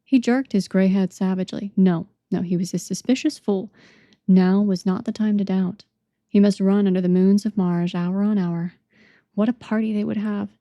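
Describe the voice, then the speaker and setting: A woman reading an audiobook as narrator, measured and dramatic. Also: medium pitch, steady tone, mellow, no echo, dull audio.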